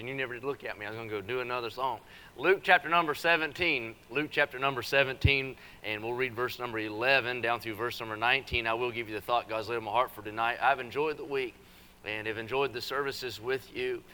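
A man delivering a church sermon in a bright, ringing voice. He jokes and teases in a folksy way, then pushes into forceful, rising preaching. His pitch sits in the middle range. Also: a little hiss or hum. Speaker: visiting preacher. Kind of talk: revival sermon with joking asides. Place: church service.

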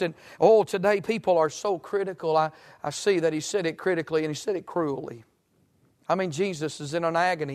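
A man preaching a sermon, making fervent, pleading appeals to his listeners. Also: sits high.

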